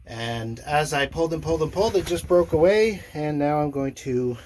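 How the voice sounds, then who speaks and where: A man's voice: fairly high pitch, lively intonation, moderate pace, a little mellow, slight background noise. An older man narrating his own work on a boat engine, dry and self-deprecating, with lots of fillers. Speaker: boat owner doing a motor refit. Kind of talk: casual narration while working. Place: inside a sailboat cabin.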